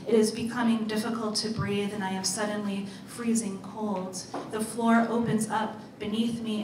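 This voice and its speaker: A woman author reading her own story aloud in a measured, deliberate way. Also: medium pitch, noisy background. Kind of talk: literary reading. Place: live reading event. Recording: roomy, distant mic, faint ambience.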